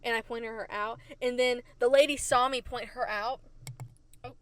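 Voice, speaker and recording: A woman hosting a podcast, telling stories from her childhood in a chatty, animated way and repeating phrases for emphasis. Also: on the high side, moderate pace. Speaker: podcast host. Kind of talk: casual storytelling. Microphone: desk microphone.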